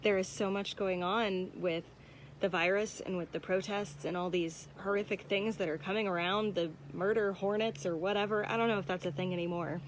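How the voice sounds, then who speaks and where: A woman's voice: medium pitch, fairly even intonation, normal speed. A young woman talks through a church devotional in an easygoing, personal way, often saying "um" and "like". Her voice sits in a middle range, and a faint hiss lies behind it. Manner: conversational, frequent "um" and "like", personal and candid. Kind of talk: casual spoken devotional. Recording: faint background noise.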